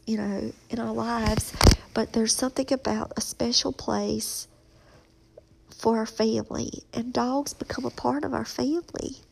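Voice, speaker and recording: Brief: middle-aged woman vlogger, husky and mellow, slow halting delivery. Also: a little high, low-quality recording. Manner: slow, reflective, halting with many ums. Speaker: author talking about her children's book. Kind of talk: casual personal vlog.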